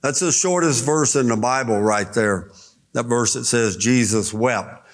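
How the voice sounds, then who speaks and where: A man preaching a sermon, explaining scripture slowly and deliberately and reading verses aloud. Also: mid-range voice, expressive.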